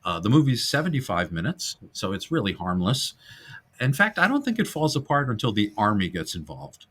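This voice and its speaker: A man hosting a casual film-history podcast, animated and jokey, now and then breaking into silly voices. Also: on the low side, brisk, breathy edge. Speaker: podcast host.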